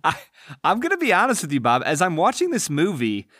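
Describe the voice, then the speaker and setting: A playful man co-hosting a film podcast, sounding exasperated as he rants. His voice sits a little high and swings widely, recorded dry and close. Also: huge pitch swings, fairly quick, pushed and bright, no room sound. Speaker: podcast co-host. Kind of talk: casual comedic film review chat.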